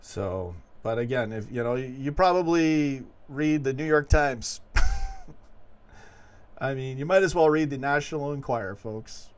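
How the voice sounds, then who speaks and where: A man hosting a late-night fan livestream, rambling and animated as he reads viewer comments. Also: mid-range voice, measured pace. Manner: rambling, animated, chuckling asides. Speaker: host of a fan call-in show.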